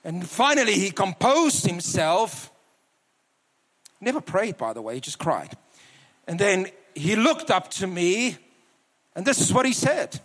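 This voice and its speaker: A man preaching a sermon to a church, telling a personal story earnestly and slowing down for emphasis. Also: sits high, very animated, fairly bright tone, in a large hall. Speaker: guest preacher. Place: large church hall.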